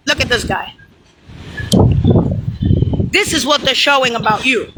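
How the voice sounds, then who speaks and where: A woman's voice: a little high, a little slow, very noisy. A woman delivering an angry, profane, rambling monologue, hurling insults and pointing things out on screen. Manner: points at something on screen while talking.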